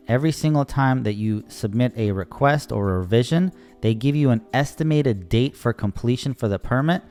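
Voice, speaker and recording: A man's voice: mid-range voice, a little mellow. A young man, a landscaping contractor, casually telling an exasperating job story in voice-over and acting out the people he quotes. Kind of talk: voice-over narration over timelapse.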